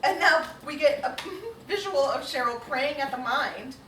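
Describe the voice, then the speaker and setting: A woman's voice: high-pitched, lively intonation, measured pace, bright, forceful tone, echoey room, far from the mic, slight background noise, rough recording. A woman co-hosting a casual podcast recap, laughing often and swearing freely. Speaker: podcast co-host.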